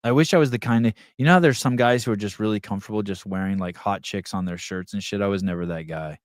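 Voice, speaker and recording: A man hosting a live podcast, chatting casually and reading the chat aloud, rambling and swearing as he thinks out loud. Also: on the low side, quick pace, no room sound, clean studio sound.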